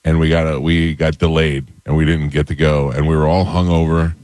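Middle-aged guy, very low voice, dry close studio sound, animated storyteller. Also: brisk, dry recording. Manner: animated storyteller, acts out quotes. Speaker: radio show host. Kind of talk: casual storytelling chat.

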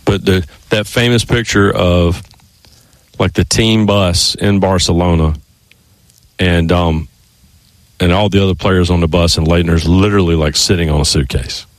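A man's voice: deep voice, steady tone, moderate pace, no room sound. A man hosting sports talk radio in a studio, a rambling storyteller who keeps restarting his sentences.

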